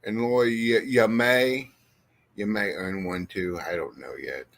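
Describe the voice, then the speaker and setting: A man's voice: fairly low pitch, unhurried, gravelly. A man chatting casually on a livestream, rambling and swearing freely as he talks to viewers. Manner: rambling, profane and animated, talking to chat.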